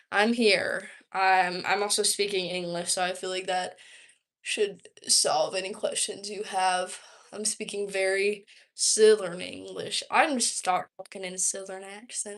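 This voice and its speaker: Speaking at a measured pace in a level, fairly bright, medium-pitched voice, a young Georgia woman livestreams casually from home. She rambles through viewer questions in a chatty manner, leaning heavily on "like."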